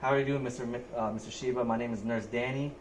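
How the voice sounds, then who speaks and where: A young adult male nurse with a medium-pitched voice talks fast in a steady tone. He methodically narrates a physical assessment step by step as a skills demonstration. The room is echoey, with faint background noise.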